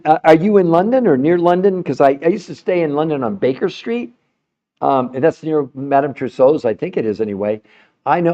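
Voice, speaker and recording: A man's voice: mid-range voice, warm tone, lo-fi sound. An older man hosting a health show, chatting casually and animatedly with a caller, often laughing and calling her by name. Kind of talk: casual live call-in chat.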